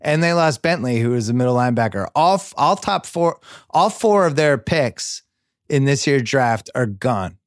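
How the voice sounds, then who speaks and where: A man hosting a sports podcast, chatting casually with mock-sentimental excitement in quick rising bursts. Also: mid-range voice, no echo, clean studio sound. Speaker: podcast host.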